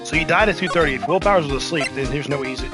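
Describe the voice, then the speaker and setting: A streamer voicing a nervous young male defense lawyer who speaks low and hesitantly, stumbling over words. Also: racing, loud music behind the voice, close to an everyday voice. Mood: musing.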